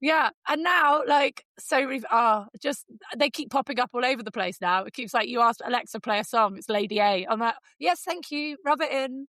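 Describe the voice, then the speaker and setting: Animated Englishwoman telling a funny story. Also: normal speed, hardly any pauses, no echo. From England. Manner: animated, lively storyteller with jumps into high voices for quotes. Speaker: podcast co-host. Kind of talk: casual storytelling chat.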